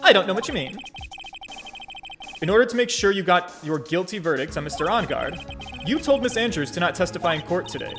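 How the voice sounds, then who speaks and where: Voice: medium pitch, lively intonation, fairly quick, music in the background, lightly acted. A gamer reading the lines of an arrogant young female prosecutor in a cold, haughty way.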